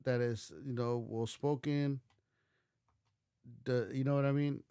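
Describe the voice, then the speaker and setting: A man from the United States hosts a casual livestream reaction. He rambles, restarts often and swears bluntly, and his voice is mellow and warm. The sound is dry and close, with no room around it. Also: mid-range voice, fairly even intonation, a little slow, smooth, no room sound. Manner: rambling, many restarts and fillers. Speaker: livestream host.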